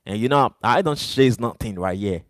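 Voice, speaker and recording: A man's voice: on the low side, lively intonation, normal speed, no echo. A man speaking English as a second language, hosting a live stream and talking straight to his chat in an emphatic, repetitive way. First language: not English. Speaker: livestream host.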